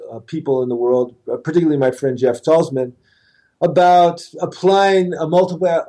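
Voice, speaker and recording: Earnest therapist guest, man, slightly high voice with a mellow tone, emphatic advice. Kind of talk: interview conversation.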